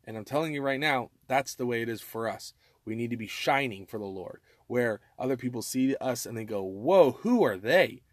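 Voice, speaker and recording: A man preaches in an earnest, exhorting way, reads scripture aloud and often circles back on his phrases. His voice sits at a middle pitch. It is recorded close and dry, with no room echo. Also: a little fast. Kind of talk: casual sermon with scripture reading.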